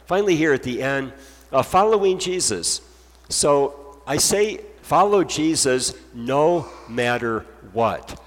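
A pastor with a voice on the high side preaches a sermon with a long reverb tail. He's earnest and emphatic, using repetition to drive his points home.

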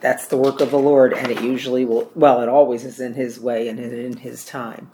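A man's voice: mid-range voice, level tone, brisk, warm tone. A man leading a church care-ministry training class, teaching in a plain-spoken way and often repeating or correcting himself.

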